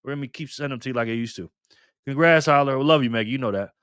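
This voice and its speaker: A man's voice: medium pitch, very fast, a bit bright, smooth, no echo, studio quality. A man hosting a casual live stream, cheerfully greeting viewers by name and chatting as he spins a prize wheel.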